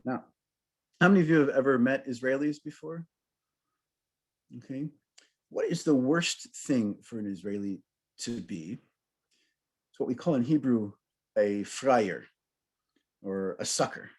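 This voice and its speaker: An American man, a rabbi, giving a storytelling sermon to a congregation with humor and lively questions. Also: mid-range voice, a little slow, pauses often. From United States.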